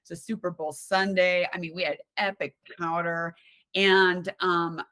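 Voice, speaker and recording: Low-voiced woman telling candid stories. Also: unhurried, no room sound. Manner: candid, animated, with frequent restarts and laughs. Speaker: podcast guest, mountaineer. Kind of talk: casual conversational storytelling.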